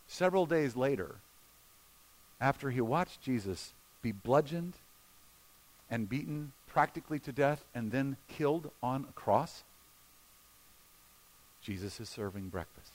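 A male pastor preaching a sermon, shifting between emphatic points and hushed, slow retellings of scenes. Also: medium pitch. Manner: expressive, drops to a hushed voice for quoted scenes.

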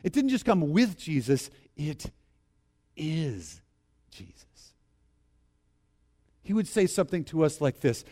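A man preaching a sermon in an animated way, reading scripture with laughter and leading the congregation in repeating lines. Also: a little high, slow, long pauses. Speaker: pastor.

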